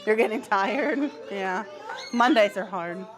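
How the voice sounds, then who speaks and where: A woman teaching preschoolers in a classroom, encouraging them with frequent praise and gentle teasing. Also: mid-range voice, takes it slowly, crowd noise. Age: adult. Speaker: pre-K teacher. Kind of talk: classroom instruction to small children.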